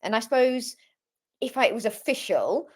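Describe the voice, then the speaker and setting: A woman's voice: fairly high pitch, animated, normal speed. A woman from Britain, a coaching guest on a webinar, talking reflectively and laughing easily over a video call. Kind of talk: casual webinar conversation.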